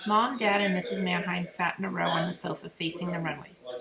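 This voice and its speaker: A woman reading a children's novel aloud with expressive storytelling. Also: lowish voice, moderate pace, creaky. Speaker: reader. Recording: roomy echo, crowd murmur behind.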